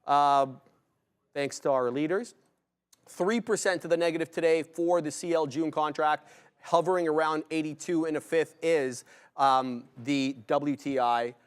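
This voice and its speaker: A man co-hosting a live trading stream, giving brisk, chatty commentary on his trades and calling out viewers by name. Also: on the high side, clear, resonant tone. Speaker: day-trading stream co-host.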